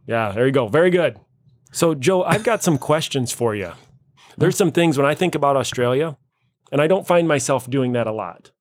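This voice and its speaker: A man's voice: mid-range voice, expressive, moderate pace, no room sound, clean studio sound. A man hosting a casual talk show, playfully quizzing and teasing his co-hosts. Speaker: host. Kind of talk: casual chat.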